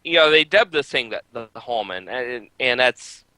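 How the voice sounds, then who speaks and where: A man co-hosting a motorsport podcast, talking casually with many filler pauses. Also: mid-range voice, animated, pushed and bright, clean tone, no room sound, poor audio. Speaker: podcast co-host. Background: baby crying.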